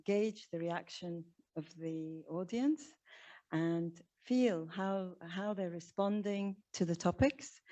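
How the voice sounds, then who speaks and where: A woman giving a workshop talk to an audience, speaking in a measured, reflective way with small hesitations. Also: on the low side, darkish tone. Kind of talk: conference talk. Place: lecture room before an audience. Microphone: recorded for camera from a podium.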